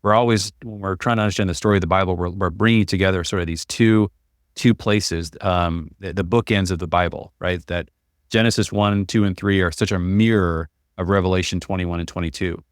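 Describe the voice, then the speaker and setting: Seattle guy, really deep voice, halting podcast talk, dry close sound. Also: fairly even intonation, clear, resonant tone, no echo. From Seattle, USA. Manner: halting, thinking aloud with restarts. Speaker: podcast host. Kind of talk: casual conversation.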